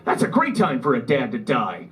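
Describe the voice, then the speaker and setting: A man's voice: mid-range voice, wildly swooping pitch, moderate pace, a bit bright, poor audio. A man performing a stand-up comedy set in a club, telling rambling, self-deprecating stories with a Midwest American accent. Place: comedy club with a live audience. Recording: live club recording with crowd. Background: audience laughter.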